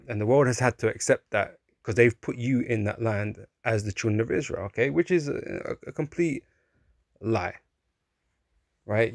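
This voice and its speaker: A man's voice: fairly low pitch, creaky, darkish tone, no echo, clean studio sound. A man giving an informal preaching monologue, talking conversationally, often asking "right?", chuckling and mocking in put-on voices. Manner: chuckles through his points, mocks in put-on voices. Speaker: religious commentator.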